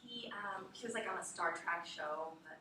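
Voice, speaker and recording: A woman teaching a class in a lively way, quizzing her students as she lectures. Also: fairly low pitch, moderate pace. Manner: lively, asks the class questions. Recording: echoey room from far off, faint noise.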